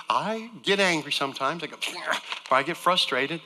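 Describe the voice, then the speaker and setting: A man preaching a sermon as a guest speaker, earnest and swinging between loud emphasis and near-hushed lines. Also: fairly high pitch, normal speed, big-room sound. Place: church sanctuary.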